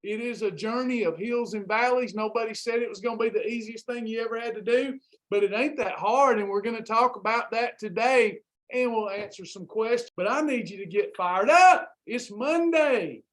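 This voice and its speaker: With an extremely high, slightly bright voice at an ordinary pace, this weight loss program host preaches energetically during a Christian motivational livestream, saying the same phrases again and again.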